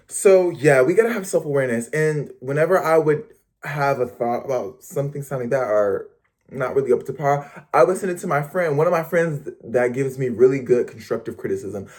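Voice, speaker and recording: A young man talking to camera in a casual motivational vlog, chatty and playful, with lively slangy asides. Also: a little high. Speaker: vlogger.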